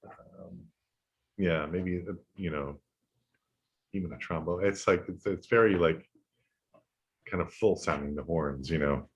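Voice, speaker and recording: A man's voice: low-pitched, unhurried, long pauses, muffled recording. A man co-hosting a podcast, chatting casually about music in an easygoing way and trailing off with fillers.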